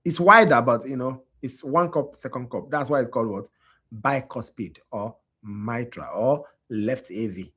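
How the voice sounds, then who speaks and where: A man's voice: medium pitch, measured pace, sharp tone, slightly rough. A tired man lecturing on anatomy to a class, quizzing his students and often checking whether they understand. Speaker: anatomy instructor.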